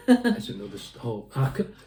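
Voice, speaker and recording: A man's voice: mid-range voice, wildly swooping pitch, slow pace, warm tone. A man, a vlogger chatting and telling jokes, laughing and rambling as he goes. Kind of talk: casual chat and joke telling. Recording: echoey room.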